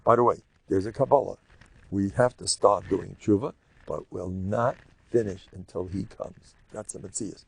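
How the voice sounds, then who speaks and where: An older rabbi who gives a Torah lecture in an animated, jokey storytelling way, full of repetitions. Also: male voice, low-pitched, moderate pace, creaky, slightly rough.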